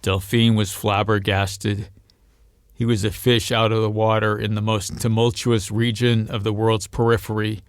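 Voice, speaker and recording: A man reading a novel aloud as narrator, in a steady storytelling manner. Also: moderate pace, no room sound, studio quality. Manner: steady storytelling, lifts pitch and volume for quoted voices. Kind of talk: audiobook reading.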